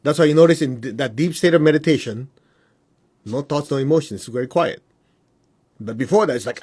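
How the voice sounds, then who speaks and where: Spiritual teacher, male, husky and a little breathy, casual live-stream teaching with mid-range pitch. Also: expressive, quick pace, darkish tone. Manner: conversational, asks the audience whether it makes sense; mimics students in high voices.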